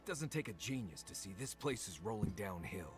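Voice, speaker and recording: An actor playing a gruff male companion in a video game with dry humor. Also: on the low side, very animated, normal speed, soft background music.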